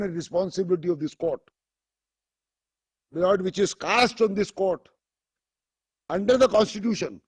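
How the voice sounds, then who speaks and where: Husky-voiced Indian lawyer addressing the bench. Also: male voice, sits high, expressive, moderate pace, pauses often. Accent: Indian English. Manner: formal, addresses the bench as "my lord" constantly; reads passages aloud from a judgment. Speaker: lawyer arguing before a court. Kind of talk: courtroom argument.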